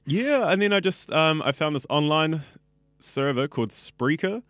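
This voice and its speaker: A man's voice: fairly high pitch, lively intonation, moderate pace, a bit bright, no echo. Chatty young New Zealand man. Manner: chatty, rambling, says like a lot. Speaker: radio student. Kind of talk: casual interview.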